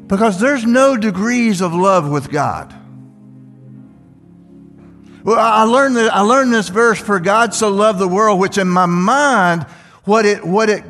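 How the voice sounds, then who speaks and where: Older male pastor, high voice, reverberant hall. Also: a bit bright. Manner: conversational, asks the congregation questions. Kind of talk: sermon. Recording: long hall reverb with faint music.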